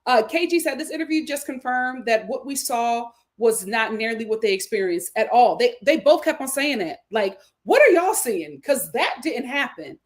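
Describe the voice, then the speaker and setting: A woman with a slightly high voice hosts a livestream, reading out viewer comments one by one. She reacts to each with emphatic opinions and repeats her lines to drive a point home. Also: normal speed, hardly any pauses. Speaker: show host.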